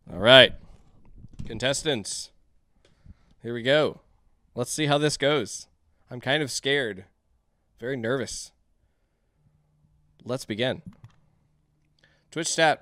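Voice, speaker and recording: A man's voice: mid-range voice, a bit bright, no room sound, studio quality. A man streaming a game live, reading the on-screen text aloud and joking with his chat in a chatty, casual way.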